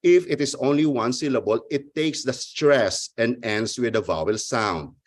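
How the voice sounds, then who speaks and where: A man presenting an academic research paper at a conference, reading carefully and stumbling over some words. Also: mid-range voice. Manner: halting, restarts words, careful formal reading. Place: online conference talk.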